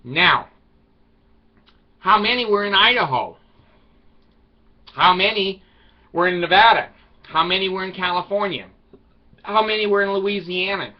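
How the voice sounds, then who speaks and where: Higher-voiced man in rambling wry monologue. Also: unhurried, long pauses. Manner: wry, irreverent, loosely rambling. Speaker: video blogger. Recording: slightly dull lo-fi recording.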